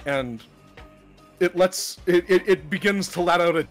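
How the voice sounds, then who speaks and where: A man narrating as game master of a tabletop game, dramatic and lively, laughing often. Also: high-pitched, unhurried, faint music behind.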